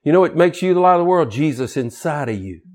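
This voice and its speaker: Man, pastor, sermon, higher voice, folksy, jokes, quiet asides, shouting. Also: lively intonation, quick pace. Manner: preaching with big swings from low asides to shouting; folksy, joking, colloquial.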